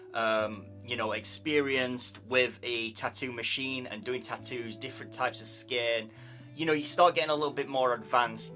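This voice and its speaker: A man's voice: mid-range voice, bright, forceful tone. Chatty man giving tattoo tips. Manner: chatty, repeats words, thinks aloud. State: yawning, tired. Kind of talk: casual YouTube advice talk.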